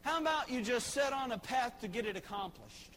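A man's voice: very high-pitched, animated, fairly quick, a bit bright, slight background noise. A man, a pastor preaching a sermon in a church sanctuary, emphatic and repeating key phrases.

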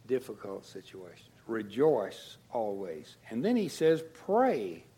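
Husky-voiced preaching pastor, soft drops. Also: male voice, huge pitch swings, slow pace. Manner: dynamic preaching, rising to emphasis then dropping low and soft. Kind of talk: sermon.

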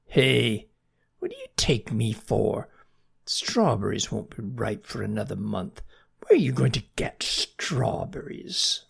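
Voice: medium pitch, wildly swooping pitch, slow pace, gravelly, breathy edge, exaggerated voice. A storyteller voicing a stern, suspicious female snail in a children's story. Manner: suspicious, scolding. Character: stern fussy female purple-banded snail.

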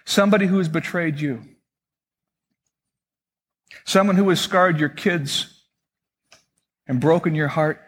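A man's voice: a little high, slow, long pauses, slightly rough, big-room sound. A pastor in his sixties preaching a sermon in a conversational way, asking his listeners questions.

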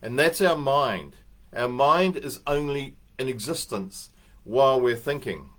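An older man speaking in a mid-pitched voice, neither high nor low, as he gives a relaxed motivational talk to a group. He rambles through anecdotes and stops to muse aloud, with fillers scattered through his delivery. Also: a little slow. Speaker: speaker giving a morning talk.

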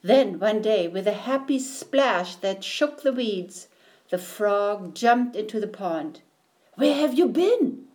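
A woman reading a children's picture book aloud in a gentle, deliberate storytelling manner. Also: medium pitch.

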